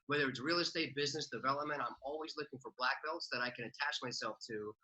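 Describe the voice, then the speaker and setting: A man's voice: mid-range voice, pushed and bright, poor audio. A man talking casually as a podcast guest, chatty with lots of filler words. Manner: fast, chatty, many "like" fillers. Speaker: podcast guest, real estate investor. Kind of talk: casual interview talk.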